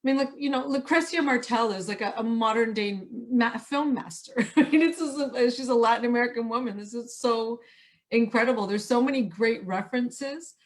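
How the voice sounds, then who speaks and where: A woman's voice: a little high, moderate pace. A woman film programmer talking on a webinar panel, reflective and hesitant with many fillers. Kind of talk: panel discussion. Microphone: video call.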